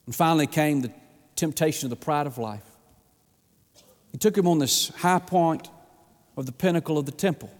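A man's voice: fairly high pitch, normal speed, long pauses. A man preaching a sermon in a folksy, emphatic way, often calling out "my friend". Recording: long hall reverb.

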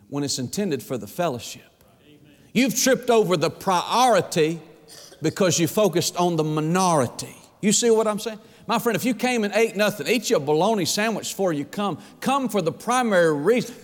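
A Southern US pastor preaching in a high, bright register, emphatic and folksy as he presses his points with rhetorical questions. His voice rings through a large sanctuary, trailing a long reverb tail. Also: animated, moderate pace. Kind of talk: sermon. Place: church sanctuary.

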